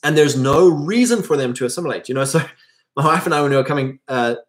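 A man's voice: fairly high pitch, fast. A man from South Africa with a South African accent, talking in a casual, rambling monologue full of fillers and restarts.

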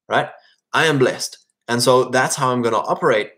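A man giving a loose, conversational sermon at a mid-range pitch. He talks as if chatting with his listeners, keeps tagging his points with "right?", and often doubles back to restart a phrase. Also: moderate pace, fairly bright tone. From England. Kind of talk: informal sermon.

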